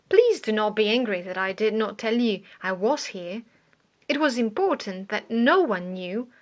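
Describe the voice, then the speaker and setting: A woman's voice: fairly high pitch, a bit bright. A woman reading as a commanding male detective. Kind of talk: audiobook reading.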